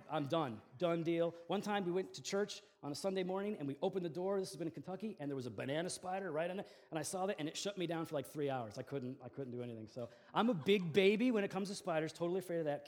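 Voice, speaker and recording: A man's voice: fairly high pitch, fast. A man in his forties preaching a sermon as pastor, telling stories in a conversational way with fillers and restarts.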